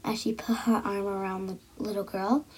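A woman reading a children's picture book aloud, acting out the characters with lively voices and soft whispered moments. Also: medium pitch, moderate pace, husky, low-quality recording. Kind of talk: storybook read-aloud for children.

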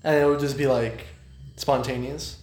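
A man at an ordinary pitch hosts a casual interview, easygoing and chatty as he tosses out questions. The recording sounds roomy, with noticeable reflections around the voice. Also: steady tone, darkish tone. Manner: chatty, laid-back, quick questions. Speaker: host. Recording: echoey room.

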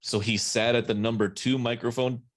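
A man's voice: medium pitch, little pitch movement, normal speed. A man hosting a podcast in casual banter, steering the topics with self-deprecating jokes. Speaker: podcast host.

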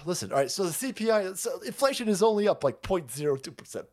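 A man rants sarcastically and profanely as a stream host. His voice sits high and leaps all over the place in pitch. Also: racing. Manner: animated, foul-mouthed, sarcastic. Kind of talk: profane political comedy rant.

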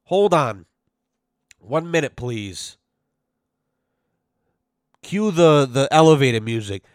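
A man hosting a podcast, telling stories in a blunt, profane, animated way. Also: mid-range voice, slow, no room sound, clean studio sound. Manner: blunt, swearing, animated storytelling. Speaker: podcast host. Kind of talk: casual profane podcast chat.

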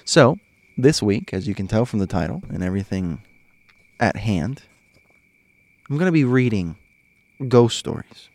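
A man's voice: fairly low pitch, expressive, measured pace, long pauses, darkish tone, no room sound. A man hosting a podcast, chatting casually and animatedly straight to his listeners with frequent chuckles. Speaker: podcast host. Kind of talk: casual storytelling chat.

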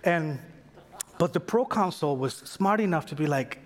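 A man preaching a sermon in a casual, animated way, acting out the voices of figures in the story. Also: a little high, a little slow. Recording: long hall reverb.

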